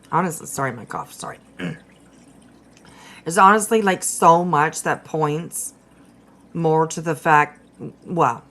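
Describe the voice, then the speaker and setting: A woman hosting a livestream, chatting casually with viewers and agreeing warmly with her guest. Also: deep voice, takes it slowly, long pauses, rough recording. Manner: chatty, agreeable, calls people sweetheart. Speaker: livestream host.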